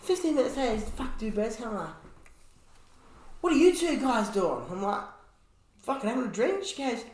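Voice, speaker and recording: Animated swearing Australian man. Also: extremely high pitch, moderate pace, long pauses. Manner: animated storyteller, heavy swearing. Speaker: podcast co-host. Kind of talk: casual crude banter. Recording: roomy echo.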